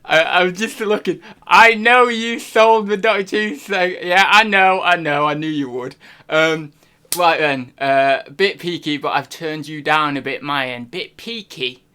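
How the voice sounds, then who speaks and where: A man's voice: a little high, unhurried, pushed and bright, clean tone. A man hosting a live stream, chatting casually in a rambling, self-deprecating way. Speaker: reselling streamer host.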